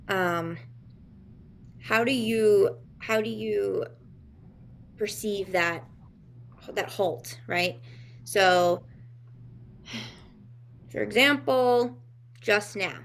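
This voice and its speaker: A woman co-hosts a relaxed talk, musing aloud about healing and emotions. Her mid-pitched voice carries a gravelly fry. She wanders through her thoughts, circling back and filling pauses as she searches for words. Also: slight background noise. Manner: rambling, searching for words with many fillers. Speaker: podcast co-host. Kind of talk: casual reflective talk on healing.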